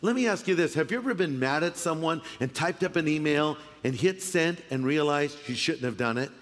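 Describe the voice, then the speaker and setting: A middle-aged male pastor delivers a sermon in a high, light voice, spinning humorous stories and slipping into quick impressions. His voice carries a long reverb from a large church hall. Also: animated.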